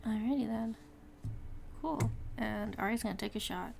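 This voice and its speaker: A chatty woman plays in an online tabletop game, talking quickly. Her voice has a strong gravelly fry. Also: on the high side, background noise. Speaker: player. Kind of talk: casual chat in a tabletop game.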